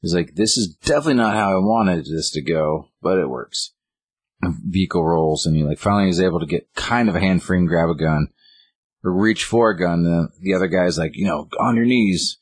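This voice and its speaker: A man's voice: low-pitched, a little fast, slightly rough, dry recording. A man casually recapping a story in a chat, acting out bits of dialogue with a raised voice. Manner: animated retelling, acting out lines of dialogue in a raised voice. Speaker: co-host recapping a game story.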